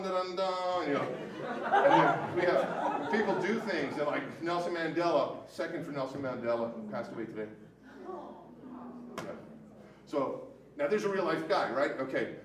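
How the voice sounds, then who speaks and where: Rambling, profane man telling a story on stage. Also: a little high. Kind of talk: live storytelling performance. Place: stage at a live storytelling show. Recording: echoey room, mic at a distance, faint noise.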